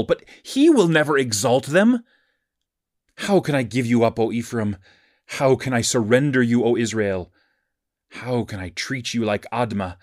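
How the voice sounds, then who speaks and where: A man's voice: mid-range voice, no echo. Man reading scripture in a dry, close voice. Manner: measured, even reading cadence. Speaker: scripture reader.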